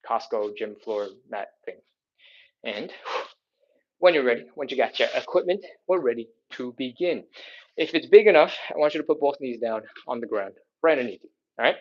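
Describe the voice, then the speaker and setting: A man's voice: a little high, muffled recording. A man leading a live stretching class, coaching upbeat and checking in with "all right?" as he explains each move. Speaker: fitness instructor.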